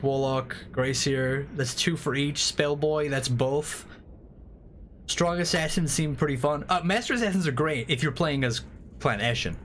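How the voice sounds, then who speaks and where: A man livestreaming a strategy game, chatting casually and excitably with frequent swearing and rambling asides. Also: medium pitch, a little hiss or hum. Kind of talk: casual gameplay commentary. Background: faint game music.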